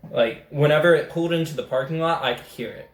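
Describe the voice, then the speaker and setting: Excitable young guy in echoey room. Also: on the high side, quick pace. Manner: excitable, rambling, animated retelling. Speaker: vlogger. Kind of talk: casual storytelling.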